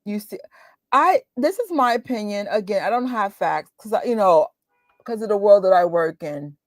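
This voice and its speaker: A woman in her forties, hosting a movie watch party, talking in a chatty, animated and exclamatory way. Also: mid-range voice, moderate pace, dry recording, studio quality. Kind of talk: casual chat.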